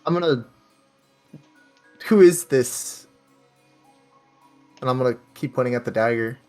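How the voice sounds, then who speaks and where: A man's voice: mid-range voice, measured pace, mellow, soft background music. A man playing a tabletop game, asking curious questions about the loot he finds. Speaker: player. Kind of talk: casual tabletop play.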